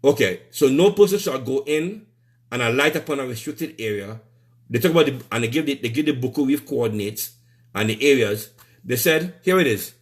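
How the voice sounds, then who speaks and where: A man with an expressive, mid-range voice and a Trinidadian accent talks a little fast during an angry rant on a live stream. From Trinidad and Tobago, he grows heated and repetitive, curses, and stumbles as he restarts.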